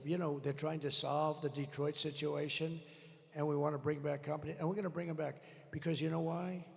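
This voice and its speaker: A man with a strained throat giving a rambling, combative campaign rally speech, swinging between muttering and shouting, recorded live at a large rally venue. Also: fairly high pitch, vocal fry. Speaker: political candidate. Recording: live rally with long reverb.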